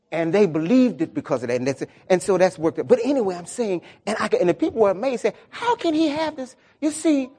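A man's voice: high-pitched, darkish tone, husky. A middle-aged man preaching a sermon with emotion, repeating himself and building into exclamations. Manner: emotional, repetitive, rising into exclamations. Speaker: pastor.

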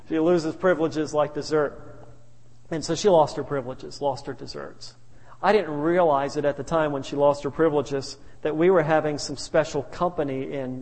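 Higher-voiced preacher in a reverberant church. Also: male voice, a little mellow. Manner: folksy, telling family stories. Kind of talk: sermon.

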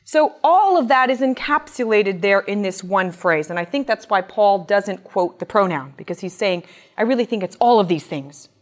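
A woman giving an earnest, expressive Bible teaching that reads scripture aloud in a measured tone. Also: mid-range voice. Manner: earnest and expressive, voice rising with emphasis. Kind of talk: sermon-style Bible teaching.

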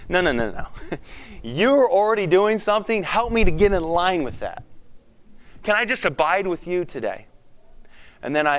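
A man with a high, smooth, resonant voice gives a devotional talk to a live audience. He speaks in a lively way, often restarts his sentences, and acts out his own prayers as he goes. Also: moderate pace. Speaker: school principal giving a devotional talk. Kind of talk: sermon-style devotional talk.

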